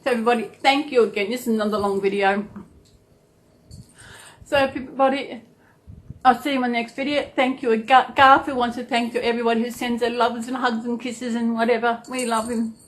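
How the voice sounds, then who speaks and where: A woman's voice: fairly high pitch, fairly even intonation, fairly quick. A woman with an Australian accent chatting casually to her subscribers, rambling and repeating her thanks. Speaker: vlogger. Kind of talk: casual chat to camera.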